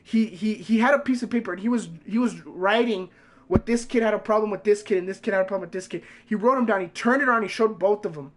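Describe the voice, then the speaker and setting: Young male streamer, high voice, casual and profane. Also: fast talker. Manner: rambling, profane storytelling. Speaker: game streamer.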